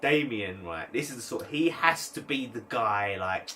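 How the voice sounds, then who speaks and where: At a measured pace, a podcast co-host recounts a story during a laid-back chat, performing other people's dialogue in a high-pitched imitation. He is an animated storyteller, and a little hiss or hum sits under the recording.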